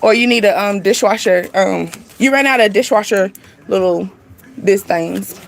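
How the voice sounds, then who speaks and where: A woman hosting a casual spiritual reading, chatty and animated, talking straight to her viewers in informal slang and laughing often. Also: mid-range voice, normal speed, creaky, slight background noise. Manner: informal slangy speech with y'all and ain't. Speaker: spiritual reader and channel host.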